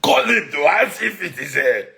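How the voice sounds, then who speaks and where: A man with a Nigerian accent doing a comic impression of a blustering male politician, loud and emphatic. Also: high-pitched, sing-song, brisk, vocal fry, voice pushed up, exaggerated voice. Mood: indignant bluster. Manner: shouting, emphatic.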